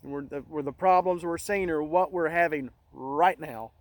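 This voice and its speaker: Earnest, halting man, dry close sound. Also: a little high, dry recording, rough recording. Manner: halting, many restarts, earnest and emotional. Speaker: channel host. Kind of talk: casual monologue.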